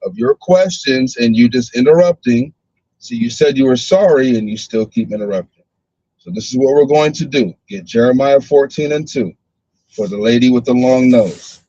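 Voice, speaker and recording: A man's voice: medium pitch, moderate pace, mellow, no echo. An older man leading a heated group debate, confrontational and mocking, who repeats himself as he presses his point. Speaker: discussion group leader. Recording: muffled lo-fi livestream audio.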